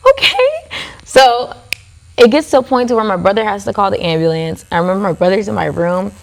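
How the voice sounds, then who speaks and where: Racing through her story, a medium-pitched woman with vocal fry and a slightly mellow quality appears as a podcast guest on a tattoo studio set. Her telling is casual and chatty, heavy on the word "like".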